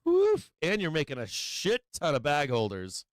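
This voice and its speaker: A man's voice: fairly high pitch, sing-song, moderate pace, fairly bright tone, clean tone, dry recording. Brash profane man calling stock moves. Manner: brash, profane, whooping and laughing. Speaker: stock market livestream host. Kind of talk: casual livestream market commentary.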